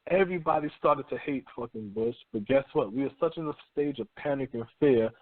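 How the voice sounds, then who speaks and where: Brisk and mid-range, a male talk radio host rambles in a casual monologue laced with profanity and slang, acting out others in mocking voices as he tells his stories. The phone-line audio is tinny, with a little hiss or hum.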